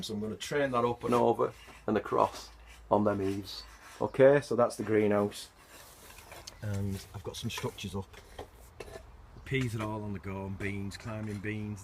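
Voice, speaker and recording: A man's voice: fairly low pitch, slight background noise. A middle-aged man gives a chatty, self-mocking walking tour of his allotment garden, recorded outdoors on a handheld camera.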